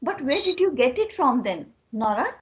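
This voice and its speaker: A woman with an Indian English accent reading the part of a sober, worldly friend in a measured tone. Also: high-pitched, very animated, dull audio. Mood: earnest.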